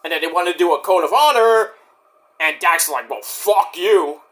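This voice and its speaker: A man's voice: fairly high pitch, animated, a little fast, bright, forceful tone. A man reviewing a wrestling show in casual chat, rambling, sarcastic and profane.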